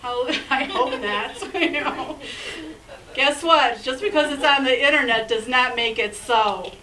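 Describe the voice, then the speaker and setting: A woman's voice: high-pitched, measured pace, sharp tone, recorded from a distance, poor audio. A woman pastor preaching a sermon in an emphatic, conversational way, with chatty asides.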